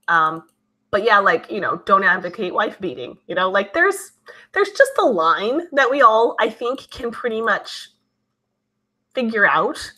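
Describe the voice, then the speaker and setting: Bright-toned woman chatting on a livestream. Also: mid-range voice, big pitch swings, a little slow. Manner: chatty and conversational, reads comments aloud and answers them. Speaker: livestream host reading viewer chat. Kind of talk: casual live-stream chat.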